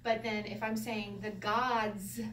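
A woman's voice: medium pitch, slow. A woman teaching a Bible Hebrew class in an easygoing way, laughing often and asking her listeners questions. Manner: lively, laughs often, explains with rhetorical questions. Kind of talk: informal Bible class lesson. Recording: roomy echo from a distance, faint background noise.

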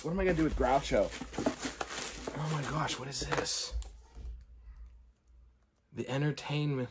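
A middle-aged man talking casually through an unboxing, excitable and often dropping to delighted whispers and gasps. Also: medium pitch, takes it slowly, long pauses, background noise. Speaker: collector vlogger.

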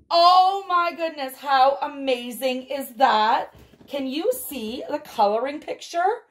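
A woman unboxing a doll advent calendar on a vlog, gushing and gasping with excitement as she talks straight to her viewers. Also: sits high. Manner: gushing, excitable, frequent gasps and exclamations. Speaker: doll collector vlogger.

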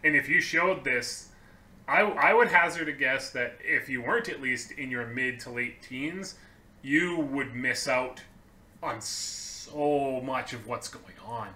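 A young man from Canada co-hosts a casual podcast, speaking earnestly. His voice is strikingly bright and sharp, at a middle pitch for a man. He restarts and repeats words as he works through his thoughts. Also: takes it slowly. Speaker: podcast co-host. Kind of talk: casual chat.

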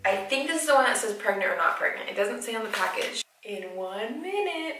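A young woman talking excitedly to camera in a personal vlog, breathless and giddy, often dropping to a whisper. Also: on the high side, fairly quick, few pauses, slight background noise. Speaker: vlogger. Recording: roomy, distant from the mic, music behind.

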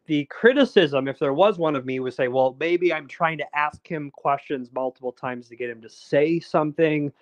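Barely pausing, a documentary filmmaker with a fairly high voice chats at normal speed as a guest in a laid-back interview, rambling and restarting with many fillers. The lo-fi recording has no echo.

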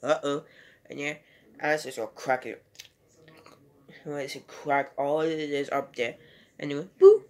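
A man talks through a movie review at a slow, unhurried pace. His voice sits a little higher than most men's. He rambles loosely from one scene to the next, like a casual home video. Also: steady tone. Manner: rambling, loosely strung retelling.

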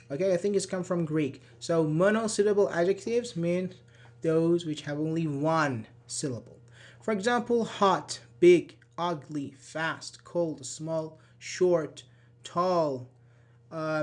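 A man teaching English grammar in a live online class, explaining step by step, repeating examples and answering viewers' questions as they come in. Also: a little high. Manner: repeats examples and checks understanding.

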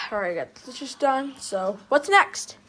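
Brief: whiny lazy gamer boy, played by a woman, high and bright, complains fast. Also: expressive, slight background noise. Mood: grumbling.

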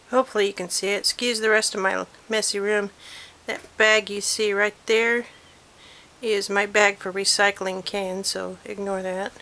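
A woman in a cluttered room at home films a handmade miniature on a handheld digital camera, chatting casually in a show-and-tell vlog with frequent apologetic asides. Her mid-range voice is creaky, pushed and bright.

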